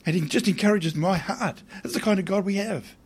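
A man's voice: high-pitched, brisk, slightly rough. A man preaching a sermon in a conversational way, often putting questions to his listeners.

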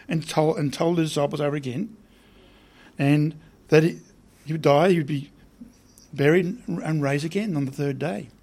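A man's voice: a little high, a little mellow. Man preaching a conversational sermon. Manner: conversational, asks the listeners questions.

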